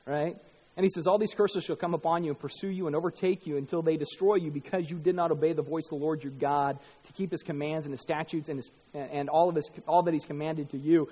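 Animated preacher in an echoey hall. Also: male voice, on the high side, slightly rough. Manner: animated, swings from hushed to loud and emphatic. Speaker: pastor. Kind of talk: sermon.

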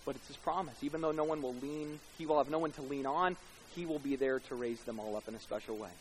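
A man preaching a sermon, swinging from loud emphatic bursts to hushed tender passages, with casual conversational asides. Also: medium pitch, fast talker, slight background noise, rough recording. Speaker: pastor. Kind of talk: expository sermon.

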